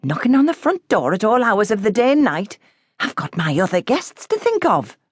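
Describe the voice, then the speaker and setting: A woman voicing an irritated, officious landlady who scolds a late-night visitor in an indignant, sharp manner. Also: mid-range voice, sing-song, normal speed, breathy edge, no echo, studio quality, voice pushed up.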